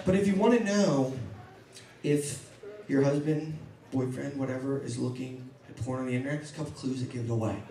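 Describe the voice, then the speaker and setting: A male stand-up comedian on a comedy club stage, doing his routine in an animated way and jumping into high mock voices. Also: brisk, noisy background. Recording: echoey club from far off. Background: audience laughter.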